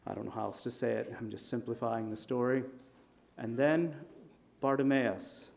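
A man preaching a sermon in a conversational storytelling manner, with lively shifts in volume. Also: medium pitch, moderate pace, vocal fry. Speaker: pastor.

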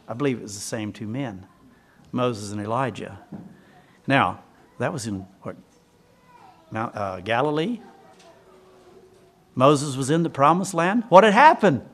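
A man's voice: mid-range voice, fairly bright tone. A man preaching a sermon, retelling scripture as a story and asking the congregation questions.

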